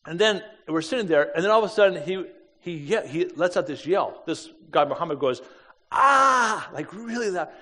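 A man, an evangelist, telling a story in a lively, self-deprecating, conversational way and acting out the voices of the people in it. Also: a little high, brisk, big-room sound. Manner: animated, acts out the voices of people in his story. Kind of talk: storytelling to an audience.

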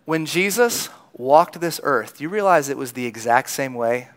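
A man's voice: mid-range voice, animated, moderate pace, a bit bright. A man preaching a sermon in a conversational storytelling manner, acting out the lines of people in the crowd. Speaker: pastor.

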